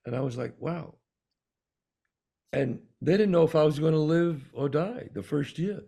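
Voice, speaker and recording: A man with a New York accent, co-hosting a talk show and telling a personal story in an animated way, acting out the voices of the people in it. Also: a little high, moderate pace, creaky, husky. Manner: animated storyteller, acts out quoted dialogue. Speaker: podcast co-host. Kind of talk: storytelling in casual conversation.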